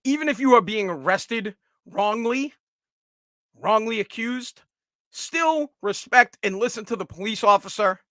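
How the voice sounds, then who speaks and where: A man's voice: high-pitched, animated, a little slow, a bit bright, no echo, studio quality. Blunt, profane male commentator. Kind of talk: opinionated solo commentary.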